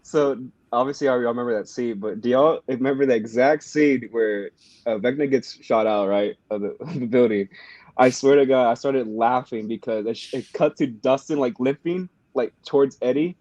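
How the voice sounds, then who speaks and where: A man's voice: mid-range voice, normal speed, a little mellow, no room sound. A man co-hosting a podcast, chatting in a laid-back way, laughing often and swearing casually. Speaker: podcast co-host. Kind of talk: casual chat. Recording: dull lo-fi sound.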